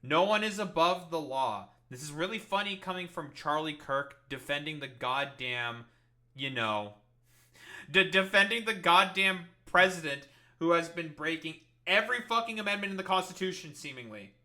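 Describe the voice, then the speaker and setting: A man's voice: fairly high pitch, normal speed, pushed and bright. A man giving an angry, profane and sarcastic political commentary while reacting to clips.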